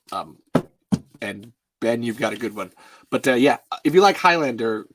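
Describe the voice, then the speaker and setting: Excitable rambling podcast host. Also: male voice, medium pitch. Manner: rambling, excitable, laughing often. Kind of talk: casual chat reading listener messages.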